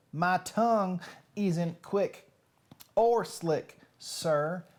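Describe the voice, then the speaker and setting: A flustered storybook man, read by a woman, protests that the rhymes tangle his tongue, in a put-on Southern US drawl. He whines slowly, his pitch swooping up and down. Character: flustered, complaining man fed up with tongue twisters.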